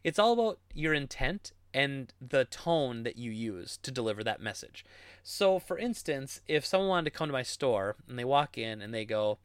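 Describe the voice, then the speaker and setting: A man's voice: medium pitch, normal speed, smooth, no echo, clean studio sound. A man in his thirties who works in game retail, answering viewer questions in a rambling, casual way and acting out customers as he tells stories. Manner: rambling, animated storytelling with laughs and acted-out customer quotes.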